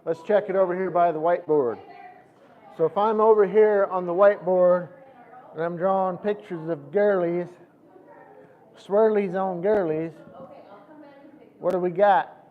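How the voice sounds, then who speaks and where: A man's voice: high voice, steady tone, normal speed, narrow, tinny audio. Playful man on a lapel mic. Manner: joking, loud and playful, walking around. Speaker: speaker testing a livestream mic. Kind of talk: casual chat. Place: indoor room with a whiteboard.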